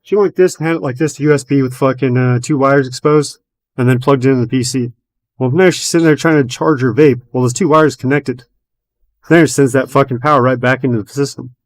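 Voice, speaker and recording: A man's voice: mid-range voice, fast, no echo. Profane, rambling man telling a story. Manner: rambling storyteller, swears constantly, many fillers; retells his own and others' words as quoted dialogue. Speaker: podcast host. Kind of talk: casual chat.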